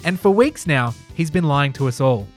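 A man's voice: on the high side, animated, moderate pace. Mock-solemn male podcast host, faint music. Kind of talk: mock-formal quiz hosting.

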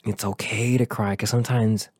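A man's voice: on the low side, little pitch movement, normal speed, darkish tone, dry recording, clean studio sound. A man hosting a motivational podcast, talking earnestly and encouragingly in a loose, rambling way. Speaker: podcast host.

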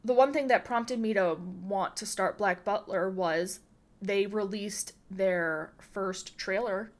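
A woman's voice: mid-range voice, slow. A woman hosting a podcast, chatting casually and rambling with lots of fillers. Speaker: podcast host.

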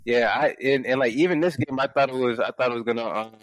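A man's voice: fast talker, no room sound. Laughing man in casual sports banter. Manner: laughs often, tells stories with high-pitched acted quotes. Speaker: podcast co-host.

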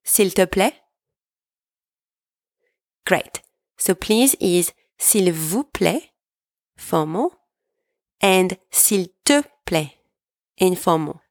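A woman teaching a language lesson, speaking patiently and deliberately and pausing so learners can repeat each phrase. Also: fairly low pitch, expressive, dry recording, studio quality. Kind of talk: slow, clear language lesson with repeat-after-me drills.

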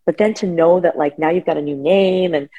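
A middle-aged woman sharing emotional personal stories as an interview guest over a remote call, animated and full of fillers. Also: lowish voice, a little fast, phone-quality sound. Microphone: remote call connection.

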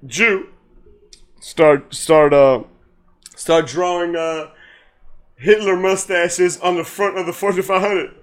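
A man's voice: sits high, slow, long pauses. A man co-hosting a casual podcast, retelling a sitcom episode with lots of laughter and swearing, acting out the characters' lines. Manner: animated storytelling, acts out lines, laughs often, swears freely. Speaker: podcast co-host. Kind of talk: casual chat.

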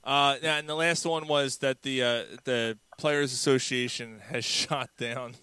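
A man hosting a podcast in easy banter, jokey while he moves the show along. his voice is bright and smooth, and the close, dry recording carries no room echo. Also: medium pitch, steady tone, a little slow. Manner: jokey, steers the segments. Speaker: podcast host. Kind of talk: casual chat.

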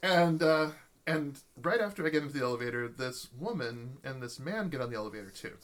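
A man tells a story in a relaxed chat, keeping an ordinary mid-range pitch. He slips into the voices of the people he quotes as he goes. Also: brisk. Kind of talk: casual chat, telling an anecdote.

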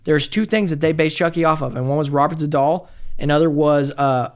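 A man hosting a podcast, telling a story in casual, profane, animated chat. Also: a little high, a little fast, clear, resonant tone.

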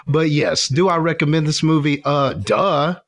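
Male podcast co-host, excitable reviewer, laughs easily, casual delivery. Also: fairly high pitch, normal speed. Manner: enthusiastic, emphatic, laughs often. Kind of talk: casual movie review chat.

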